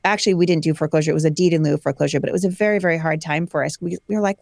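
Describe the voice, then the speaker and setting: A woman in her forties tells a personal story as a guest, animated and acting out the voices of people she quotes. Her voice sits low for a woman. The sound is dry and close. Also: rapid-fire, gravelly, hardly any pauses, dry recording. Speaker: guest, homeschooling mother.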